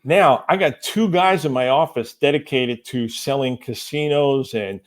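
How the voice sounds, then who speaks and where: A man, a company president, telling a lively business anecdote as a podcast guest, acting out the people he quotes. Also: mid-range voice, measured pace. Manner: animated anecdote-telling, acts out quoted voices. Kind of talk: storytelling interview answer.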